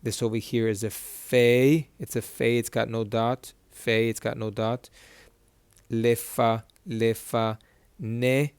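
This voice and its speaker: A man's voice: medium pitch, level tone, darkish tone, clear, resonant tone, dry recording. Patient male teacher sounding out syllables. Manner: patient, repeats each syllable slowly. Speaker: Hebrew reading teacher. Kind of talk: whiteboard lesson.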